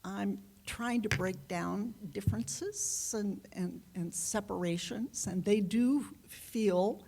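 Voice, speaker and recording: Slow, reflective woman being interviewed. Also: mid-range voice, gravelly, warm tone, slight background noise. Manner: unhurried, reflective, halting with fillers and light laughs. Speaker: guest author and researcher. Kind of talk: conversational interview answer.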